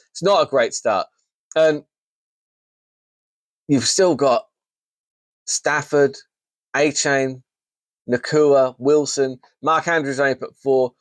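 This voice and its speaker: A man's voice: fairly high pitch, dry recording. A man hosting a fantasy football league recap on his own, talking casually with jokes, restarts and playful mock outrage. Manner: jokey, animated, with frequent restarts and mock outrage. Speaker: fantasy league podcast host.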